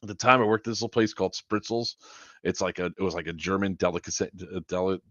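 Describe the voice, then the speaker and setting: This charity livestream host talks fast in a low, fairly bright voice, telling rambling, profane stories and laughing a lot. It's a dry recording of dull, lo-fi stream audio.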